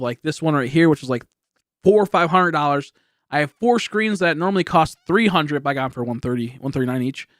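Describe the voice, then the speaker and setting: Young male streamer in his late twenties, slightly raised pitch, laid-back and rambling, a little high, home studio mic with no room echo. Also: fairly bright tone. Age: late 20s. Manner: rambling, laughing, loose and slowed. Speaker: livestreamer. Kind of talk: casual livestream chat reading donations. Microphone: high-end studio microphone.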